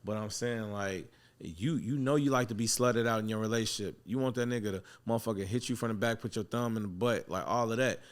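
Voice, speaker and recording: A man hosting a barbershop talk, speaking bluntly and profanely in casual chat and telling stories with animated put-on voices. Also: fairly low pitch, brisk. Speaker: barbershop owner and host.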